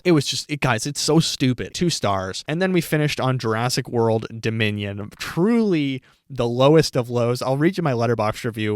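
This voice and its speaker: A man's voice: mid-range voice, smooth. An opinionated man talks through movie reviews in a loose, casual way, peppering his talk with fillers. His voice sits in an ordinary middle range. The sound is dry, with no room echo. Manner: opinionated, animated, frequent fillers like "like". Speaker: podcast host reviewing films. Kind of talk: casual solo film review.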